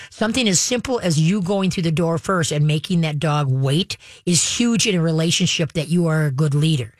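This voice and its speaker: A woman's voice: on the low side, fairly quick, few pauses, dry recording. A woman hosting a radio show as a dog trainer, giving step-by-step coaching, often checking in with "okay" and "all right". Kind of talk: instructive radio advice.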